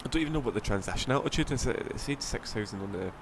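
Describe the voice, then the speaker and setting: A man's voice: mid-range voice, expressive, very fast, noisy background. A man with a Scottish accent, rambling casually as he streams a flight sim, swearing now and then. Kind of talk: casual gameplay commentary.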